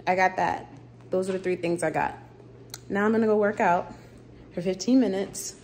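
A woman's voice: medium pitch, moderate pace, pauses often, a little mellow. A woman chatting casually to her vlog camera, blunt and talkative, swearing freely and addressing viewers as "y'all". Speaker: vlogger. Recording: noisy background.

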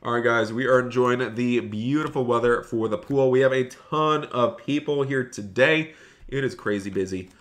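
A man's voice: medium pitch, normal speed. A young man streaming a driving game live, chatting to viewers and gushing with thanks for donations. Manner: excitable, gushing thanks to donors.

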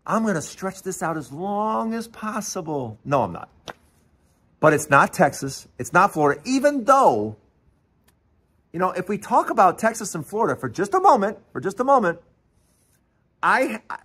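An excited male host with a high voice that swings up and down a lot. He teases his listeners, stammers and repeats himself as he talks on his own. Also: moderate pace, breathy edge. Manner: animated, teasing, repeats and stammers. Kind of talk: excited solo political commentary.

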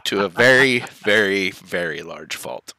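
A man's voice: low-pitched, expressive, a little slow, pushed and bright, dry recording. A man chatting casually while playing a video game, laid-back, swearing freely and laughing often. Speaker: let's play co-host. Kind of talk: casual gaming chat.

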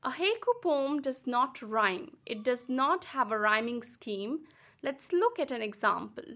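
A woman teacher from Kashmir speaks with an Indian English accent in a bright, fairly high voice. She talks slowly and patiently, repeating words and breaking them into syllables for young learners. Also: lively intonation. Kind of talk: slow classroom explanation.

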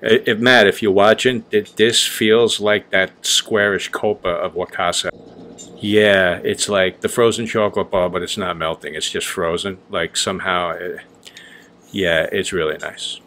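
Man, lowish voice, blunt, rambling, swears a lot, casual vlog talk. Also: steady tone, unhurried, fairly bright tone, a little hiss or hum. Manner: blunt, ranting, swears freely; loose and rambling with many fillers. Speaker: vlogger honing straight razors.

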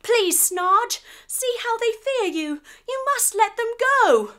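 A woman's voice: extremely high pitch, lively intonation, slow, bright, forceful tone, pitched above the performer's own voice, heavily acted. A woman voicing a brave, kind young male space hero in a children's yoga story, speaking earnestly. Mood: pleading. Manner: earnest, pleading.

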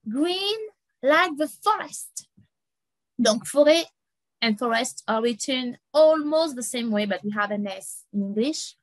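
A young woman teaching an online lesson for children, repeating each word slowly and laughing often. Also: high-pitched, animated, dry recording, rough recording. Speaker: French teacher for kids.

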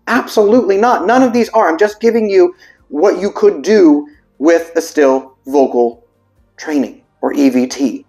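Vocal coach puzzling over terms aloud. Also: male voice, sits high, darkish tone. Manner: reads text aloud then reacts with puzzled asides; breaks into sung vowel demonstrations. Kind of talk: casual explainer video.

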